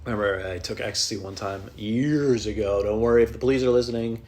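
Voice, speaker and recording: A man's voice: fast talker, a little hiss or hum. A man who is a stand-up comedian, talking on his solo podcast at home in an off-the-cuff, self-mocking and profane way, telling rambling comic stories. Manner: jumps into high, loud put-on voices when quoting people.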